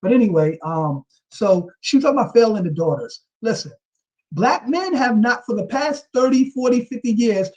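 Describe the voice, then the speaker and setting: A man's voice: very high-pitched, expressive, moderate pace, a little mellow, muffled recording. A man giving casual, emphatic ranting commentary on a vlog, often tagging his points with a rhetorical question. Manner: emphatic, repeats "you know what I'm saying".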